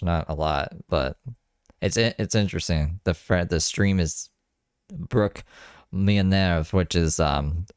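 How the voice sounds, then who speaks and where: A man's voice: low-pitched, clear, resonant tone, no echo, clean studio sound. A man giving rambling, wry commentary on a live stream he is watching. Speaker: streamer reacting to another stream.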